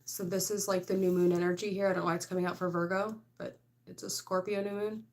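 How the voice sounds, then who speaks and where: A woman's voice: lowish voice, level tone, quick pace. A woman doing a casual tarot reading to camera, rambling and frank, full of "like" and "I don't know", with laughs mixed in. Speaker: tarot reader.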